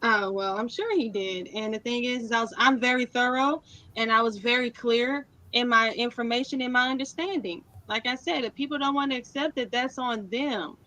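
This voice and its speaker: A woman defending her argument as a debate guest, speaking in a measured way with frequent hesitant fillers. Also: a little high, bright, forceful tone, no echo, low-quality recording.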